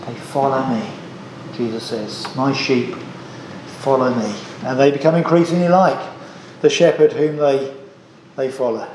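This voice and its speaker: A man's voice: medium pitch, a little slow, a little mellow, slight background noise. Earnest male preacher in echoey church. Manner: earnest, rhetorical questioning, emphatic repetition. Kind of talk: sermon.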